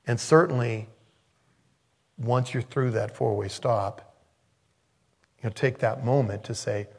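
A man preaching a sermon as a pastor, in a conversational way that swings between emphatic bursts and hushed, quiet asides. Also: medium pitch, slow, vocal fry, pauses often, husky.

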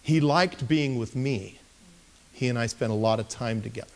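A male pastor telling a story in a sermon, animated and given to bursts of excitement. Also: normal speed. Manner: animated, bursting into excited shouts at high points.

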